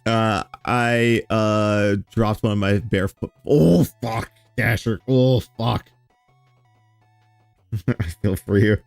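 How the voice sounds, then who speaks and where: A man's voice: on the low side, slow, creaky, no echo, faint music behind. A man streaming a reaction, casually commenting with sarcasm, swearing, and laughter. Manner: sarcastic, swearing, laughing, mocking with mimicked quotes.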